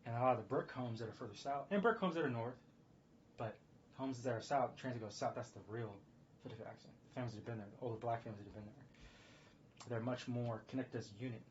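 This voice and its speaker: A man's voice: medium pitch, steady tone, quick pace, a little mellow, slight background noise. An American man talking in a meandering casual monologue, often correcting himself and chuckling. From United States. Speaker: streamer. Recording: slightly dull lo-fi sound with faint background ambience.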